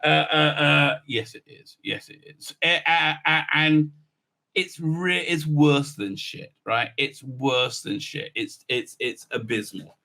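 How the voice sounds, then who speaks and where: A man's voice: fairly high pitch, fairly even intonation, slow pace, sharp tone. A man giving an exasperated, sarcastic recap review, full of "uh" fillers. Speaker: YouTube reviewer. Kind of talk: ranting episode recap.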